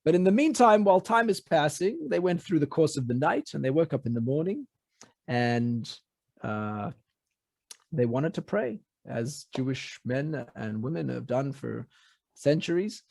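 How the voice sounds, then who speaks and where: A man with a high-pitched voice tells an old story in an easy, conversational manner, pausing and restarting as he goes. He speaks as a rabbi addressing a community gathering. The sound is dry and close, with little room around it. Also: expressive, gravelly, darkish tone, no echo. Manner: conversational, many fillers and restarts. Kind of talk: oral storytelling.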